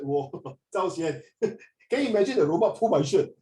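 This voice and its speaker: A man's voice: high-pitched, expressive, normal speed, dark tone, distant mic. Chatty Singaporean male teacher, echoey. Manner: chatty, Singlish, switches into Mandarin. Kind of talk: online class teaching.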